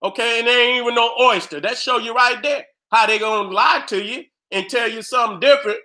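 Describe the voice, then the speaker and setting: A man with a very high, bright, sharp-edged voice goes off in a loud, profane rant. He talks straight to his viewers in streetwise slang and keeps slipping into short acted-out exchanges. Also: fairly quick. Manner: heated, streetwise, loud, acts out dialogues. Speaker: video host. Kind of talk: profane ranting commentary.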